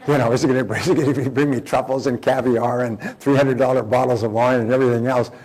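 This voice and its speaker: A man's voice: mid-range voice, fairly even intonation, fast talker, a little mellow. An older man giving a motivational lecture to a seminar audience, telling rambling anecdotes in a conversational way and often repeating phrases. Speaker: motivational speaker.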